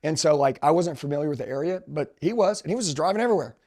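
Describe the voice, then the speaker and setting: A man in his forties, a sales trainer, telling a story in an emphatic, animated, slangy way and calling his listeners dude. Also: a little high, racing. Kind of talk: motivational storytelling.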